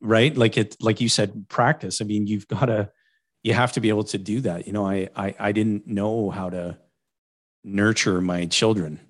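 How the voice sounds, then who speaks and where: Podcast host guy, lowish voice, thinking out loud about his own life. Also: steady tone, moderate pace. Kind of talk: casual interview chat.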